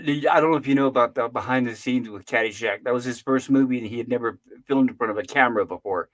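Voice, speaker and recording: Brief: older male host, opinionated, rambling storyteller, mid-pitched voice. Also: fast, low-quality recording. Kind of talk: casual chat, storytelling.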